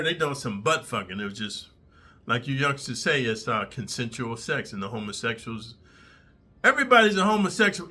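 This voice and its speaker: A middle-aged man tells a prison story straight to his audience, talking blunt and streetwise with plenty of cursing. His voice is mid in pitch but strikingly bright and tense. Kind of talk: casual storytelling to camera.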